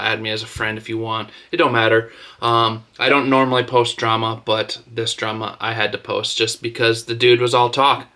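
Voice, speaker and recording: A man's voice: mid-range voice, sharp tone. A man in his thirties ranting to camera as a street racing vlogger, mocking and trash-talking with lots of swearing.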